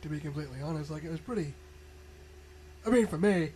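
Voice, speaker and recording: A man co-hosting a casual podcast, making dry, deadpan quips. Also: on the high side, fast talker, a little hiss or hum, rough recording. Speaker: co-host. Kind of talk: casual chat.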